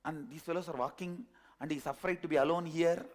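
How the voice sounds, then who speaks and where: A man telling a parable as a spiritual teacher, animated and repetitive. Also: a little high, a little fast. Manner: animated storytelling, repetitive phrasing. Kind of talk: storytelling sermon.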